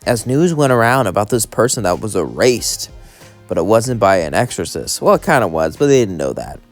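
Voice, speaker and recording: A man's voice: on the low side, very animated, fairly quick, faint music behind. A man narrating a home-made fan story in a casual, rambling way. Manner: rambling, loosely strung sentences.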